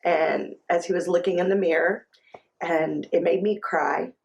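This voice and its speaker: A woman in her thirties, a mother telling her child's story in a documentary interview, speaking in a halting, personal way with pauses. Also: on the low side, fairly even intonation, dull audio.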